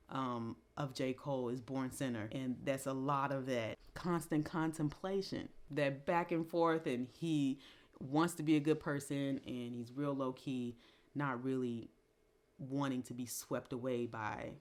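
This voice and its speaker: Low-voiced woman musing on an album. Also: a little mellow. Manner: reflective, musing, with pauses and restarts. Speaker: music commentary vlogger. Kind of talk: casual album review chat.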